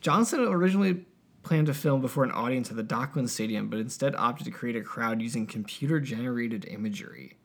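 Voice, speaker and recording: A man's voice: mid-range voice, brisk, creaky. A man co-hosting a podcast, chatting in a rambling way full of fillers, a little sleepy. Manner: lively, rambling, lots of fillers. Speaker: podcast co-host. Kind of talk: casual chat.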